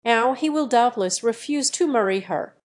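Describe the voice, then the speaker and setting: A woman's voice: fairly high pitch, expressive, moderate pace, lightly acted. Fussy old male professor, read by a synthetic woman's voice, formal and flustered. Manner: formal, repeats sir.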